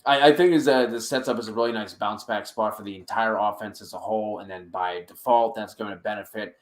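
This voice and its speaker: A man with a fairly low voice talks through sports betting picks in a casual podcast chat. He often stammers and repeats words as he rattles off numbers. The sound carries a noticeable room echo. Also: steady tone, brisk. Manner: stammers and repeats words while reeling off stats.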